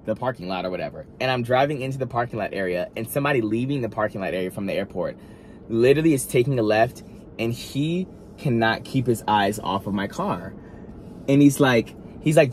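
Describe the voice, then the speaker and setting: A vlogger tells a dramatic story in a storytime monologue, speaking straight to viewers in an animated mid-range voice full of asides and restarts. A little hiss or hum sits in the recording.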